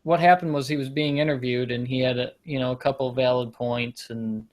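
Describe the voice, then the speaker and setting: A man's voice: medium pitch, fairly even intonation, a little fast, darkish tone. A man hosting a casual comedy show, rambling through jokey stories and often losing track of his point. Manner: rambling, self-deprecating, loses his point. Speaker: podcast host.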